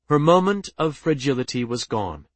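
Steady male audiobook narrator, dry studio sound. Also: mid-range voice, moderate pace, no echo.

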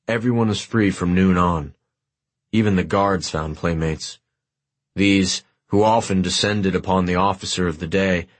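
A man reading a war memoir aloud as an audiobook narrator, in a measured, literary and wry way. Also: low voice, breathy edge.

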